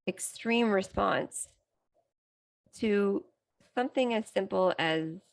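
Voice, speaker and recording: A middle-aged woman with a gravelly, creaky edge to her voice hosts a self-help podcast. She tells a personal story candidly and reflectively, sometimes restarting a sentence as she goes, at an ordinary mid pitch. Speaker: psychotherapist and podcast host.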